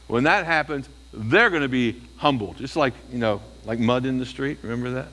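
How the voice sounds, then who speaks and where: A man's voice: medium pitch, normal speed, few pauses, a bit bright, long reverb tail. A male preacher giving a sermon, often asking the listeners rhetorical questions.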